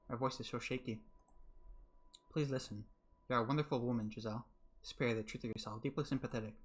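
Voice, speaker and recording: A young man reading a visual novel aloud as a streamer, earnestly voicing the narrator and adding his own commentary. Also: medium pitch. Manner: earnest, reads fast, slips and restarts. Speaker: let's play streamer.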